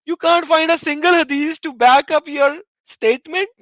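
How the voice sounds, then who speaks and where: Bright-voiced man mockingly taunting on a livestream. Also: very high-pitched, moderate pace, dry recording, lo-fi sound. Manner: taunting, sarcastic, mocking laughter. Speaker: livestream host. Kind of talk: live-stream debate chat.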